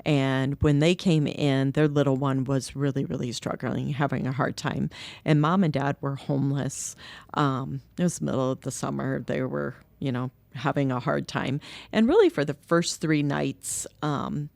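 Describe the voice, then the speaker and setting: Middle-aged woman, low voice, gravelly, candid storyteller, dry close sound. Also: normal speed, no room sound. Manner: candid, animated quoting of others. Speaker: guest, nonprofit co-founder. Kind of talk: conversational storytelling. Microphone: podcast microphone.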